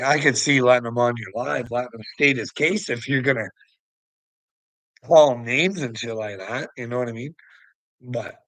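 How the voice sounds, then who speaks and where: Guy ramblin on his livestream, cussing n laughing, middle pitch, real dry sound. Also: fairly bright tone, dry recording, low-quality recording. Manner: crude, profane, laughs a lot between remarks; teasing, talks back to viewers' comments. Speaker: livestream host. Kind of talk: casual livestream chat.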